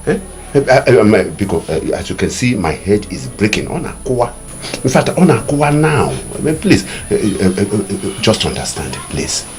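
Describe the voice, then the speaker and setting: A man's voice: lowish voice, sing-song, moderate pace, darkish tone, soft background music. Stammering, pleading would-be king. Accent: Nigerian. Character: desperate man who wants to become king, pleading. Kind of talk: Nollywood film acting.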